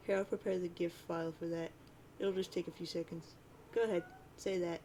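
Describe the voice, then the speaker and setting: Chatty woman reader with a gravelly edge, webcomic readthrough with jokey asides. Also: medium pitch, fairly even intonation, a little fast, warm tone, a little hiss or hum, rough recording. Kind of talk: reading a webcomic aloud.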